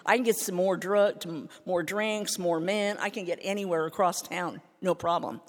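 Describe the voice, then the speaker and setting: An older woman telling her recovery story as a candid, self-mocking personal testimony, swinging from hushed to loud. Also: lowish voice, fairly even intonation, moderate pace, hardly any pauses. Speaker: speaker sharing recovery story. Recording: hall reverb.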